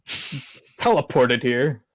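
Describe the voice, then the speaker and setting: A man's voice: medium pitch, lively intonation, drawn-out words, no echo. Laid-back teasing male player. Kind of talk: casual tabletop role-play.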